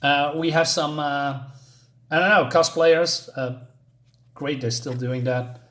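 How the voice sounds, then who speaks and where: A man's voice: a little high, steady tone, takes it slowly, a bit bright. A man reviewing a comic book in a casual vlog, talking hesitantly with many fillers and restarts.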